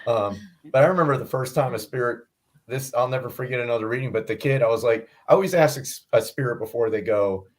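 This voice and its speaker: A man's voice: mid-range voice, fast. A man, a medium who is a guest, telling funny stories in casual chat and quoting the people in them. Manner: animated storyteller, quotes others.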